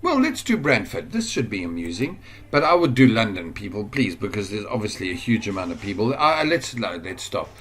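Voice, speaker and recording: A man with a South African accent giving a casual screen-share tutorial on online business, rambling and thinking aloud with excitable bursts. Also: fairly low pitch, normal speed, husky.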